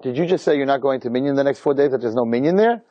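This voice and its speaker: A man voicing his stern older father, who speaks in a slow, deliberate and commanding way. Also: mid-range voice, expressive, dry recording, muffled recording, lightly acted.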